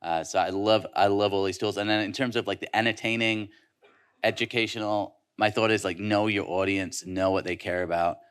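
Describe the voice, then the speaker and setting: A man with a very low voice chatting on a conference panel. He talks loosely and conversationally, full of "um" and "like," often restarting his sentences. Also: steady tone, fairly bright tone, clean tone. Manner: conversational, quick hooks, many fillers and restarts. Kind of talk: casual panel discussion. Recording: live conference session.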